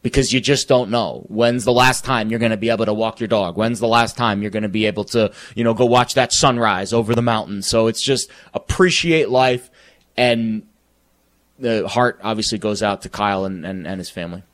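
Earnest man with halting sports talk. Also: lowish voice. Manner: halting, many fillers and restarts, earnest.

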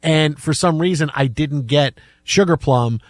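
A man's voice: fairly high pitch, a little slow, no room sound, clean studio sound. A man in his fifties hosting a sports talk show, chatting loosely and telling rambling stories with lots of repeated yeahs. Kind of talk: casual chat.

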